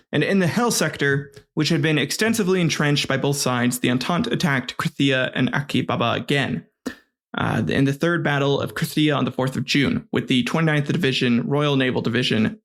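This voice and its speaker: A man hosting a comedy history podcast in a slightly higher-than-usual voice. He reads war history loosely and jokes as he goes, with casual swearing and fumbled names along the way. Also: fairly bright tone. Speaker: podcast host.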